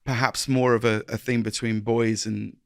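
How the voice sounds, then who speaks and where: Earnest man, halting and reflective. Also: medium pitch, flat delivery, gravelly, dry recording, clean studio sound. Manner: earnest, halting restarts, acts out dialogue. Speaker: guest. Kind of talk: reflective interview conversation.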